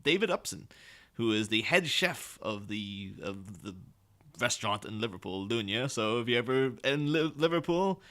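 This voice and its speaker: A man's voice: medium pitch, moderate pace. Chatty rambling male podcast host. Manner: rambling, animated storytelling with many fillers. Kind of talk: casual chat.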